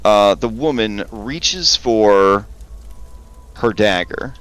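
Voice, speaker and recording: A man narrating as game master in a relaxed, hesitant way with many pauses and ums. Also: on the low side, clear, resonant tone.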